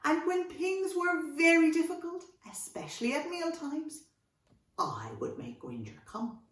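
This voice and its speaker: Irish woman, lively children's storyteller, slightly high voice, far off in an echoey room. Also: a little slow. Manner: animated, expressive storytelling. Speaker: children's author.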